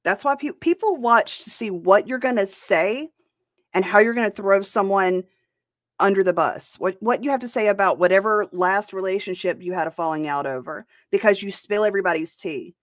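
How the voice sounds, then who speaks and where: A woman's voice: mid-range voice, normal speed, no echo, studio quality. A woman hosting a reaction commentary show, talking in a blunt and profane way. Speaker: host.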